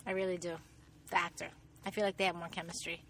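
A woman's voice: on the low side, level tone, fast, fairly bright tone, slight background noise. A Puerto Rican woman co-hosting a casual podcast from a parked car, chatty and emphatic. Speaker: podcast co-host. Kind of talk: casual chat about soap operas.

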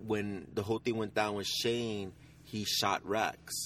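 A man co-hosting a casual podcast from a parked car, gushing and animated, often restarting his sentences. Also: lowish voice, measured pace. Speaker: podcast co-host. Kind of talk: casual chat about soap operas.

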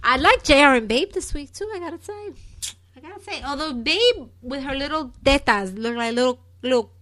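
A woman co-hosting a casual chat, blunt and teasing, gossiping with animated opinions. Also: sits high, brisk. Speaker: podcast co-host.

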